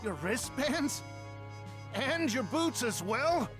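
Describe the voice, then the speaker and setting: A man's voice: very high voice, sing-song, takes it slowly, full character voice. An actor playing a stern, honorable male martial artist facing an old rival, formal and earnest in a video game. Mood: curious, taunting. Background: game music.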